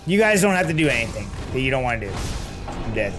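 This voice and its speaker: A man's voice: mid-range voice, big pitch swings, quick pace, over music. A man chatting casually with his viewers while playing a hard action game, joking and getting distracted mid-fight. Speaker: gaming streamer. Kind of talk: casual gameplay commentary with chat.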